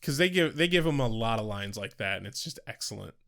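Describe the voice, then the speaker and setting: A man's voice: on the low side, animated, quick pace, creaky, fairly bright tone. A man co-hosting a podcast in laid-back casual chat, swearing casually. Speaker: podcast co-host.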